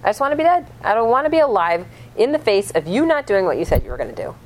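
Enraged prophet railing at God, put on by a woman teacher, indignant and lively. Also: mid-range voice, fast, slight background noise, natural voice. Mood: despairing. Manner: indignant, accusing tirade. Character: furious male prophet ranting at God.

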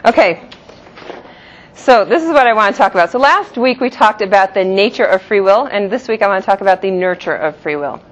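A woman's voice: medium pitch, expressive, a little fast. Woman teaching a class, dull lo-fi recording. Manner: explanatory, repeats terms in two pronunciations, laughs lightly. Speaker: teacher of a Jewish philosophy class. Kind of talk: classroom lecture.

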